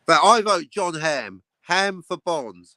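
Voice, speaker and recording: A man with a notably high voice hosts a casual livestream chat, tossing off quick wisecracks. The sound is close and dry, with no room around it. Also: animated, sharp tone, no room sound. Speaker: livestream host. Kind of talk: casual joking banter.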